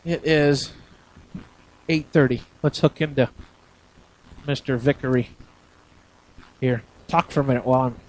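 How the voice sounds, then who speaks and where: A man's voice: medium pitch, steady tone, measured pace, pauses often, darkish tone, low-quality recording. A man hosting a live radio show, chatting casually and easygoing while he works the equipment.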